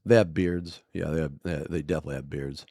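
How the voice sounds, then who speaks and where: A male streamer telling a story in casual, profane livestream chat with animated storytelling. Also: very deep voice, fast talker, dry recording, studio quality.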